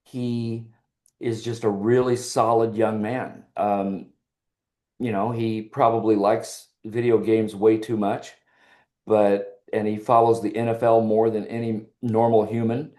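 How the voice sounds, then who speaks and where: An older man, a podcast guest, telling personal stories in a relaxed interview and acting out the lines of others. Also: lowish voice, unhurried. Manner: animated storyteller who acts out quoted dialogue. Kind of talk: casual interview storytelling.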